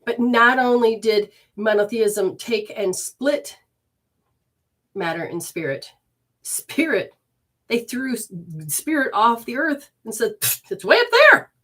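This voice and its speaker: A woman's voice: a little high, slow pace, pauses often. A woman from Michigan hosting a livestream from her living room, giving an informal spiritual teaching and reading viewer comments aloud. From Michigan, USA. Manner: expressive, reads viewer comments aloud warmly.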